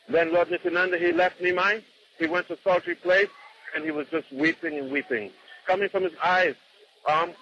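A man's voice: high voice, sharp tone. A man earnestly retelling a devotional story as a sermon, asking rhetorical questions along the way. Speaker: spiritual storyteller. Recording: dull lo-fi recording with faint hiss.

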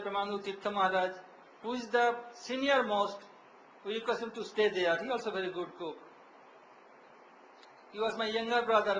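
An older man with a high, bright, ringing voice tells devotional stories about his teacher. He chuckles through the tale and briefly takes on the voices of the people in it, and the sound echoes around a room. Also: a little hiss or hum. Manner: laughs often while telling, acts out quoted voices. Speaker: monk telling stories of his guru. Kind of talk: devotional storytelling talk.

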